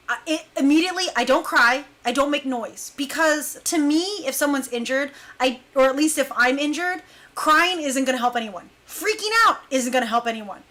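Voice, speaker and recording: Brief: young woman, high bright voice, lively casual storyteller who hushes for quoted lines. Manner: animated, acts out quotes in hushed voice. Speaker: dancer telling a story.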